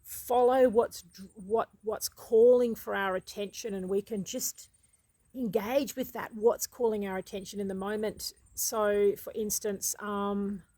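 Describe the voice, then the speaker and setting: A woman's voice: mid-range voice, steady tone, measured pace, mellow, dry recording, rough recording. An Australian woman vlogging about habits in a casual, rambling, reflective monologue with many restarts.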